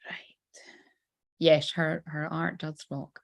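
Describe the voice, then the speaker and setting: A Scottish woman with a gravelly edge of fry to her voice gives a casual live tarot reading. She talks in a loose, chatty way, swears freely and laughs often. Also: low-pitched, unhurried. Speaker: psychic tarot reader.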